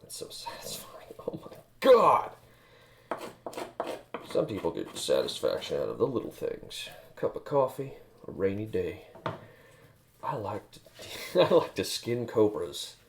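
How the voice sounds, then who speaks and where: A man's voice: lowish voice, big pitch swings, moderate pace, creaky, darkish tone, slight background noise. A man chatting casually while he works, joking crudely and rambling to a friend. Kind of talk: casual chat while working.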